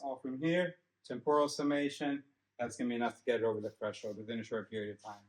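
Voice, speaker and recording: A fast-talking son explains a theory to his father step by step in a casual lecture while driving, checking in with "okay?" as he goes. His medium-pitched voice has fairly even intonation. The dashcam mic gives a rough, reverberant recording from inside the car.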